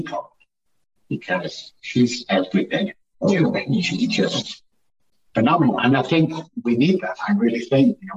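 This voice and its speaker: Emphatic man on distant, muffled audio. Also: fairly low pitch. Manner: emphatic, repeats phrases for effect. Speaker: guest, addiction recovery speaker. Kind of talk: conversational interview storytelling.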